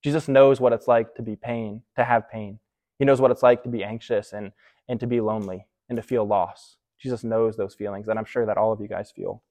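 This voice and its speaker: A man's voice: on the low side, fairly even intonation, a little fast, a little mellow. A man preaching a casual youth sermon, talking straight to his listeners as "you guys" and checking in with "okay?" after nearly every point. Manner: conversational, keeps checking in with "okay?".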